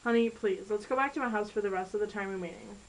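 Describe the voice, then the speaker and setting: Woman reading as a devoted teenage boy, earnest, apologetic, mid-pitched. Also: fast, a little hiss or hum, natural voice, low-quality recording.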